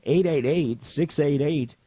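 A man's voice: a little high, unhurried, warm tone, slightly rough, no room sound. A middle-aged man hosting a radio talk show, chatting casually with strong, grumbling opinions. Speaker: radio host. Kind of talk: casual on-air chat.

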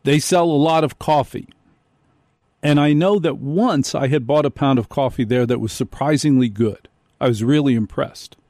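A male radio host tells a comic story with lively energy, jumping into voices for the people he meets. The studio sound is close and dry, with no room around him. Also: medium pitch, moderate pace, no room sound. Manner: animated storytelling, acts out quoted people. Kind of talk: comedic radio monologue.

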